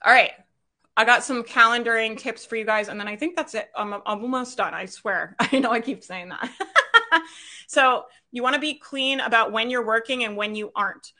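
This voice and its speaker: A woman leads a business training in a bright, forceful voice pitched a little high. She talks in an upbeat, chatty way, laughing often and tagging her points with quick questions to the audience. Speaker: business coach. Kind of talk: recorded live business training.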